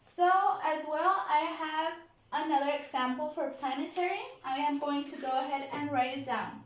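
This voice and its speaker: A woman teaching a vocabulary lesson in a classroom. She models each word slowly and keeps checking in with "okay?". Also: high voice, a little hiss or hum. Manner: slow, deliberate modeling of pronunciation, frequent "okay?" checks. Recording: very echoey classroom.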